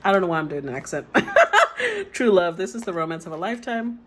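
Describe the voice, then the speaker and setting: A woman's voice: fairly low pitch, wildly swooping pitch, brisk, fairly bright tone, breathy edge, low-quality recording. A woman tarot reader who reads the card meanings aloud and then muses over them in a casual way.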